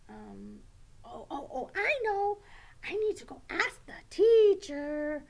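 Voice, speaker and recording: A woman's voice: high voice, very animated, takes it slowly, vocal fry, a little mellow, exaggerated voice. A woman voicing a timid, flustered young schoolboy puppet in a children's puppet show, stammering and hesitant.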